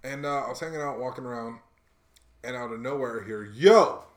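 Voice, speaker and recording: A young man in casual chat, telling a travel story in a relaxed, slang-heavy way and getting animated when he quotes people. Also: medium pitch, fast talker. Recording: roomy room echo.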